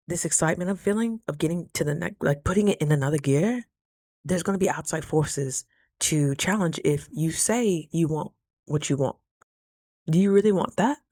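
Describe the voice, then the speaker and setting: Speaking directly to her audience, a female vlogger shares a casual storytime, animated and chatty at a moderate pace. Her voice is a little low, recorded close and dry without any room sound.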